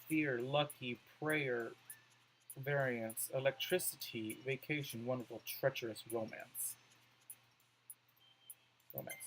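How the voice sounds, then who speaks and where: A man's voice: medium pitch, fairly bright tone, poor audio. A man doing let's play commentary, reading on-screen words aloud and musing over his choices.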